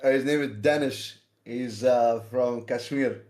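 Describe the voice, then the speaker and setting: A man's voice: medium pitch, fairly even intonation, a little slow, a little mellow. A man streaming and chatting casually, laughing often as he tells stories.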